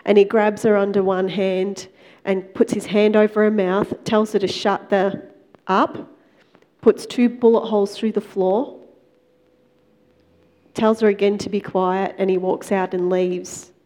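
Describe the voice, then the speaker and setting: Female speaker sharing a testimony, chatty and relaxed, dark mellow timbre. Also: mid-range voice, a little slow. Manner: conversational, animated retelling with quoted dialogue. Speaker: Christian speaker. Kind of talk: testimony storytelling sermon.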